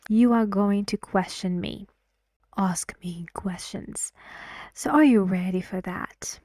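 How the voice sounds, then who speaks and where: A woman leads a pronunciation lesson, speaking slowly and sounding each phrase out so learners can copy it. Her voice sits at a middle pitch, and the recording is dry with no room sound. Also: warm tone, dry recording. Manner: slow, repeats words to model stress and intonation. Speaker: English pronunciation teacher.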